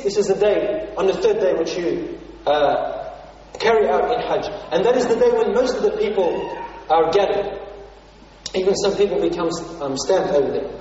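A man delivers a sermon in a strikingly high voice, telling a story with deep earnestness and voicing the people in it. The recording is distant and dull, with heavy echo filling a large hall. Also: darkish tone, slight background noise. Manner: earnest, emotive retelling with quoted dialogue. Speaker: preacher.

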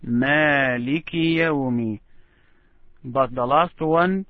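Guy teaching quran recitation over a video call, kinda high voice, patient and encouraging, tinny dry phone-ish sound. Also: no echo. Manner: patient, encouraging, models phrases slowly. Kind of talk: online recitation lesson.

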